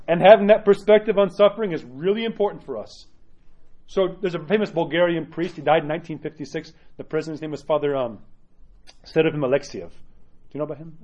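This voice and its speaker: A man preaching a sermon as an Orthodox priest, earnest and animated, often checking in with "right?". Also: on the high side. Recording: dull lo-fi sound.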